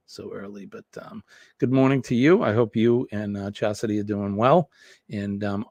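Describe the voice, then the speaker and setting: A man's voice: mid-range voice, no echo. New guy, late 50s, rambly morning livestream chat, dry close sound. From New England. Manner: rambling, chatty, reads viewer comments aloud. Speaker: live stream host. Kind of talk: casual morning live chat.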